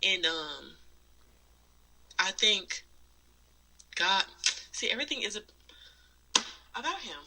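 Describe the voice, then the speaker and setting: A woman's voice: medium pitch, very animated, slow, vocal fry, long pauses, heavy background noise. A woman co-hosting a podcast, talking candidly in a rambling way with lots of fillers. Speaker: podcast co-host. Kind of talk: casual chat.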